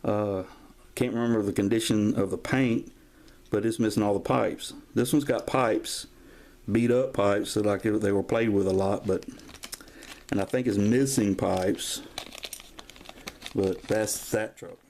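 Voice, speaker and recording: A man's voice: on the low side, fairly even intonation, measured pace, long pauses, darkish tone. A man, rambling in a folksy way through a casual show-and-tell of his toy collection, recorded on a camera mic at home. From Georgia, US. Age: 50s. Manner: rambling, folksy, drifts into stories. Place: at home, filming toys on camera.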